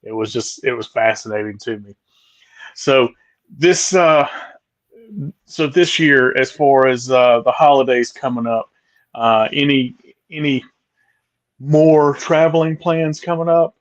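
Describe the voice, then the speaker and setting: A man hosting a podcast interview in a relaxed, halting way, full of fillers and restarts. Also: medium pitch, dry recording, low-quality recording. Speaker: podcast host. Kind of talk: casual interview chat.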